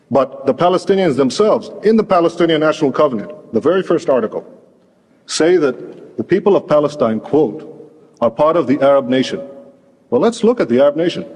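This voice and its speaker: A man making an argumentative case as a guest in an archival televised debate, measured and quoting his sources. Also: medium pitch, a little mellow, breathy edge, big-room sound.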